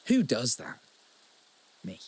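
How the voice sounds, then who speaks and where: A man's voice: slow pace, a little mellow. A young man co-hosting a podcast, telling stories in casual chat with lots of swearing and repeated words. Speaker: podcast co-host.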